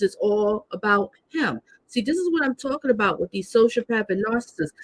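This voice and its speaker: Woman, host, casual commentary, animated, emphatic. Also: mid-range voice. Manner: animated, emphatic, acts out quotes. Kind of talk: casual commentary on trial clips.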